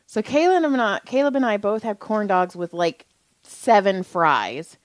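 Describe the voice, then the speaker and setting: An animated woman in her thirties spins a family tale on a podcast, breaking into laughter and acting out each quoted voice. Her voice sits in a middle range and the sound is close and dry, with no room echo. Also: medium pitch, moderate pace. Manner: animated storyteller, laughs often, acts out quotes. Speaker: podcast co-host. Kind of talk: casual chat.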